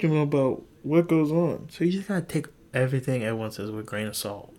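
Animated young man with a lively voice. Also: fast talker, hardly any pauses. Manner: animated and rambling, swears, voice jumps high in disbelief. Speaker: podcast host. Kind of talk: casual podcast monologue.

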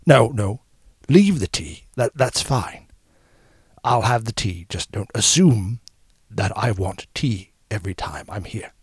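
A man's voice: fairly low pitch, lively intonation, unhurried, breathy edge, no room sound, clean studio sound, exaggerated voice. A man doing a fussy older British actor impression. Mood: fussy, indignant. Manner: mock-indignant, theatrical. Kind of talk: comedy sketch intro.

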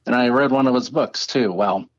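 A man's voice: medium pitch, moderate pace, no echo, highs cut off. A man guesting on a podcast, chatting casually and laughing often at himself. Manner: self-deprecating, laughs often. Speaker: podcast guest, radio journalist. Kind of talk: casual chat.

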